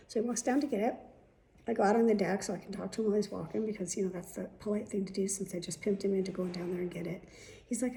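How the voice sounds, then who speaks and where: A woman's voice: medium pitch, quick pace, gravelly, dark tone, a little hiss or hum. A middle-aged woman chatting casually and rambling through stories, often swearing. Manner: chatty, profane, rambling storyteller. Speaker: vlog host. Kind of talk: casual chat.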